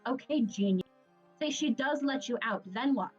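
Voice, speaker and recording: A woman's voice: high-pitched, expressive, moderate pace, breathy edge, lo-fi sound, soft background music. Woman playing a sneering bard-wizard man. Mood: scornful. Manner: sneering, indignant.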